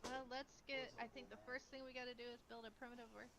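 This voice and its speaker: A woman casually chatting and guiding her mother through a co-op game, relaxed and a bit playful. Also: on the high side, fast, music in the background. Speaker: co-player, streamer. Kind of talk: casual gameplay chat.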